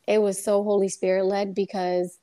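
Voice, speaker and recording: As a guest on a faith podcast, a young woman shares her personal testimony in a lively, casual manner, acting out the voices of people in her story. Her pitch is medium and her speed normal.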